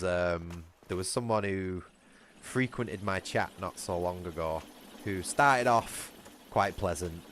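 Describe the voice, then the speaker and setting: A man's voice: low voice, a bit bright, slight background noise. A man with a Lancashire accent, chatting and swearing while streaming a video game. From England. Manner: sweary, ranting, frustrated. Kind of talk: casual livestream chat.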